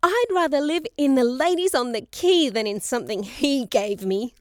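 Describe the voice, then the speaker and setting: A woman reading a storybook voices a furious, hot-headed ten-year-old girl who yells in a passion. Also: sits high, expressive, moderate pace, dry recording, studio quality, voice pushed up. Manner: yelling, passionate.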